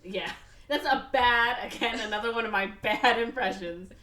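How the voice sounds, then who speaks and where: A woman's voice: a little high, normal speed, sharp tone, echoey room. A woman with a Chicago accent hosting a podcast in casual chat, rambling and laughing often. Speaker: podcast host.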